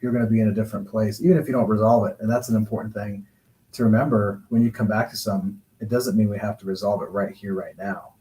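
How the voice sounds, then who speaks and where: A male counselor gives relationship advice in a measured, reflective way. His voice sits a little low, and he takes his time explaining each point. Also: steady tone, dark tone, rough recording. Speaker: guest counselor and coach. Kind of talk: calm advice-giving talk.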